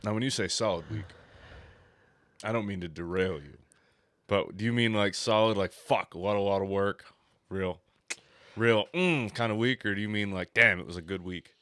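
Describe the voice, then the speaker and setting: A podcast co-host rambles through casual banter full of crude, mocking jokes, including a mock narration in the style of a painting show. His voice is fairly low and a bit bright, at normal speed, recorded with no echo.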